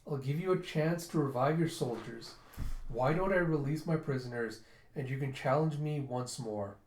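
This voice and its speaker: A man voicing a calm, easygoing young king, soft and unhurried. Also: medium pitch, lightly acted. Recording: roomy echo.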